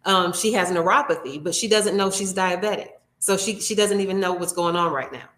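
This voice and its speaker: A woman who works as a nail technician tells an earnest, heartfelt story in an interview, acting out what people said and frequently restarting. Her voice is on the low side and a bit bright, a little fast, and the recording is reverberant.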